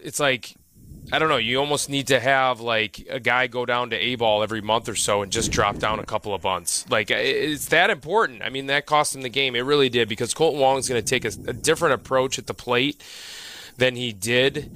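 Bright-voiced man analyzing baseball. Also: mid-range voice, a little fast, a little hiss or hum. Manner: animated, emphatic, with restarts. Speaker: baseball analyst and former player. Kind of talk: casual sports talk radio.

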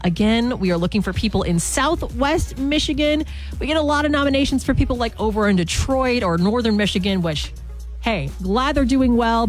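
A young woman hosting a morning radio show, chatty and self-mocking. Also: a little high. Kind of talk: upbeat morning radio talk.

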